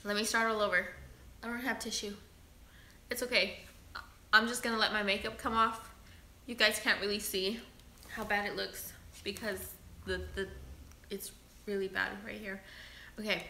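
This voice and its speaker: Bright, emotional woman in an echoey room. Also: medium pitch, little pitch movement, moderate pace, pauses often, slight background noise. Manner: emotional, pleading and earnest. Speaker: livestream host. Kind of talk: casual livestream chat and reading viewer entries aloud. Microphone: webcam or phone on a livestream. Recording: roomy echo.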